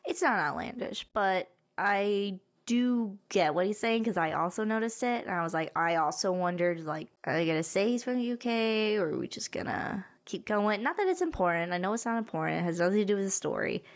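A woman's voice: mid-range voice, lively intonation, a little fast, few pauses. A woman talking through a film on a casual review podcast. She hedges and trails off mid-thought, and laughs between her points. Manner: hesitant, trails off with "I don't know", laughs often. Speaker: podcast co-host. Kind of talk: casual movie review chat.

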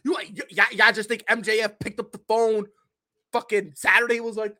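A man's voice: sits high, little pitch movement, normal speed, bright, forceful tone. A young adult man hosting a podcast, ranting in a profane, fired-up, slangy way. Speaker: podcast host. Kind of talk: opinionated casual podcast rant.

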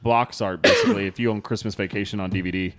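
A man co-hosting a casual podcast, his voice sitting low. He rambles through his points, stumbling over fillers and restarting sentences as he goes. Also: huge pitch swings, quick pace, heavy background noise. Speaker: podcast co-host. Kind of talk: casual chat.

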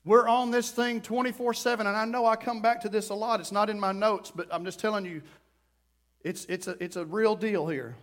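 Guy preaching a sermon, fairly high voice, gets fired up and pleading, acts out little quoted bits. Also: fairly even intonation, brisk. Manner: impassioned preaching, rising to loud pleading prayer. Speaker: pastor.

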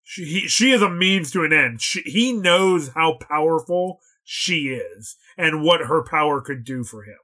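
A man co-hosting a casual chat, joking and quick-witted. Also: a little high, expressive, pushed and bright. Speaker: podcast co-host.

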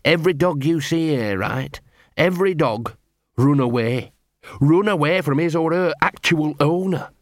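A man's voice: fairly high pitch, expressive, measured pace, no room sound, clean studio sound, pitched above the performer's own voice. A man voicing a small, scruffy male talking dog who is nervous and eager to please. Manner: anxious, fawning, jittery.

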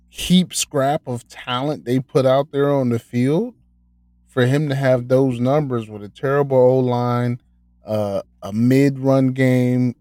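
A man's voice: mid-range voice, dark tone, no echo. A man hosting a casual podcast, talking sports in a loose, profane, joking way. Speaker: podcast host. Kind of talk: casual chat.

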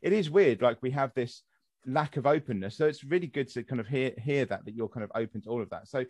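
A young English man chatting casually as a podcast host, his talk meandering through fillers and restarts. His voice sits at a middling pitch and sounds dry and close, with no room around it. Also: fast talker, darkish tone, no room sound. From England. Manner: rambling, with many fillers and restarts. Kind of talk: casual conversational chat.

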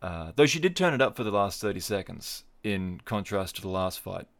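Male podcast host, lower voice, dry jokey tangents while he runs through results. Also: expressive, moderate pace, creaky, fairly bright tone. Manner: wry, digressive, jokey asides. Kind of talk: casual solo podcast commentary.

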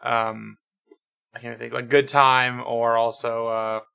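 A man co-hosting a podcast, chatting casually about movies and often pausing to find his words. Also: medium pitch, little pitch movement, vocal fry, bright, forceful tone, clear, resonant tone. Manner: hesitant, lots of fillers and restarts while searching for words. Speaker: podcast co-host. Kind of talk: casual movie review chat.

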